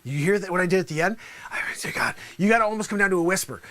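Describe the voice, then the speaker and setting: A man's voice: high voice, very fast, pushed and bright. A man performing as a trial lawyer in a comedic mock courtroom sketch, theatrical and jokey, sometimes dropping to a whisper.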